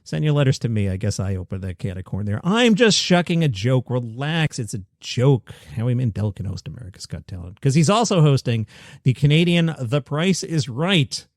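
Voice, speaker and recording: A man's voice: mid-range voice, very animated, moderate pace, no room sound, studio quality. A middle-aged man from Queens, hosting a comedy news show with wry, self-deprecating asides. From Queens, New York. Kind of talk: solo comedy news commentary.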